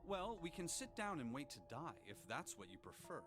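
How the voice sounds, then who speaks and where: An actor playing a calm, composed blind man who speaks in a measured, formal way. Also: on the high side, soft background music.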